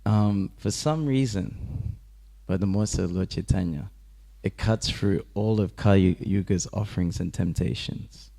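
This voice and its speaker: A man teaching a scripture class with a low, mellow voice. He tells the story casually and chattily, laughing often and slipping into the characters' voices. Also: a little slow, creaky. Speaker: temple class speaker.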